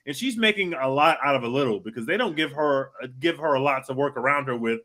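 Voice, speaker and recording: A man co-hosting a podcast, chatting casually about a movie in an animated, emphatic way. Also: mid-range voice, fast. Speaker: podcast co-host. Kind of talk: casual movie review chat.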